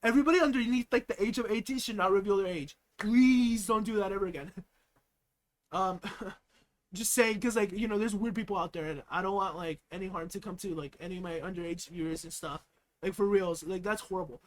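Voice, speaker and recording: A man's voice: sits high, brisk. A young American man chatting on a live stream, giggling often and rambling with plenty of fillers. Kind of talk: casual live-stream reaction chat.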